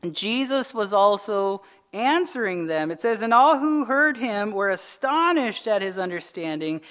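A woman's voice: medium pitch, animated, unhurried, a bit bright. A woman teaching a midweek Bible study in a conversational way, often asking "right?" and restarting her phrases.

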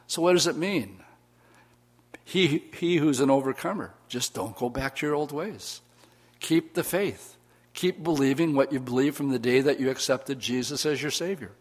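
A man's voice: mid-range voice, moderate pace, breathy edge. Man preaching a sermon. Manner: reads scripture aloud and calls for congregation responses. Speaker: pastor. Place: church.

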